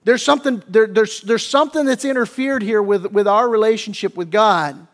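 A male pastor preaching a sermon emphatically, with frequent restarts, sometimes dropping to a hushed, soft voice. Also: high voice, normal speed, hardly any pauses. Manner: emphatic preaching with many restarts, voicing biblical figures in quotes; drops to a hushed, soft voice in tender moments.

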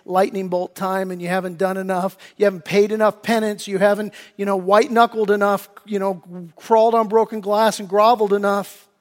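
A man with a high-pitched voice delivers a sermon as pastor. He swings between loud, emphatic lines and hushed, earnest pleading. His voice carries a long reverb, like a large church hall.

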